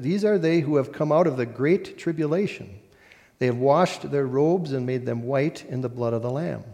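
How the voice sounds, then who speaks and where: A man preaching a sermon as a pastor, reading scripture in a measured, solemn way with deliberate pauses. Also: mid-range voice, dark tone, in a large hall.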